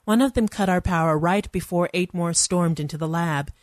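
Woman reading a story aloud, kinda low voice, dry wry tone, close dry sound. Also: normal speed, no echo. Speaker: narrator. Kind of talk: first-person story reading.

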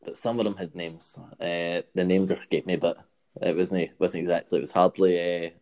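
A Scottish man tells a story in a loose, rambling way, checking in with his listener as he goes. His voice is very low and mellow, with a soft, dark tone. It sounds like an easygoing podcast chat. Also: flat delivery, moderate pace. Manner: rambling anecdotal delivery with frequent "right?" and laughs.

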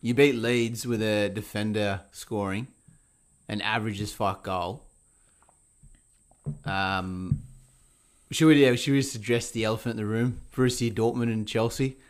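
A man co-hosting a casual sports podcast, swearing freely and telling stories in a lively, animated way. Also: fairly low pitch, a little slow, long pauses. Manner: swears a lot, animated storytelling with put-on quotes. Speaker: podcast co-host.

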